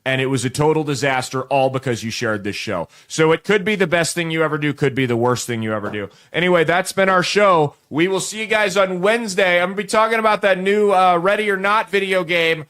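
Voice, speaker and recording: Guy in his late 20s, kinda high voice, rambling crude comic monologue, keeps restarting. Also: fairly quick, hardly any pauses, a bit bright. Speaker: show host. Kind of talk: comedic monologue to viewers.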